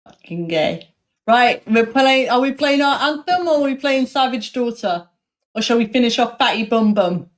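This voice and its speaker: A woman's voice: fairly high pitch, moderate pace. A woman hosting a livestream in casual chat, brash and foul-mouthed, often laughing. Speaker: livestream host.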